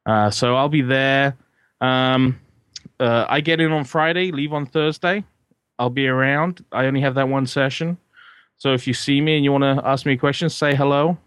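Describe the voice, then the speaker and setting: A man's voice: mid-range voice, moderate pace, a bit bright, clean tone, dry recording. A man chatting casually as a guest, rambling with restarts and jokes. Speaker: guest consultant. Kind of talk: casual podcast chat.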